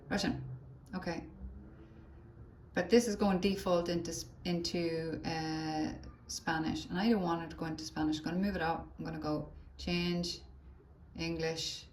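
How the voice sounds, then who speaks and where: A teacher trainer with a lowish, slightly mellow voice leads a live phone tutorial for teachers, chatting and thinking aloud as she taps through each step. The room is echoey, with a little hiss or hum.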